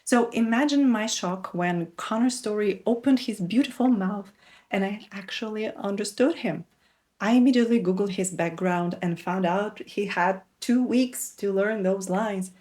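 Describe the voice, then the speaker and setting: Speaking at normal speed in a mid-range, slightly mellow voice, this woman from Russia narrates scripted video essay commentary reviewing a show. Russian is her first language; she reviews TV and teaches English, with a wry, candid, enthusiastic manner.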